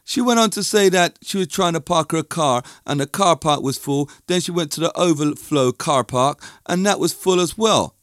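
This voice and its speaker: A man's voice: on the high side, moderate pace, few pauses, a bit bright, dry recording, studio quality. A middle-aged man from London with a London accent, talking in a casual, rambling, opinionated monologue that drifts off topic. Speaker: music and dance teacher.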